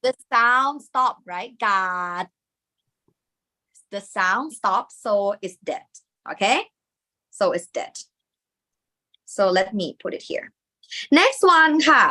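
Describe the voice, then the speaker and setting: A woman's voice: on the high side, lively intonation, a little slow, long pauses, pushed and bright. A woman with a Thai accent teaching a live online lesson, explaining step by step and dropping Thai particles into her English.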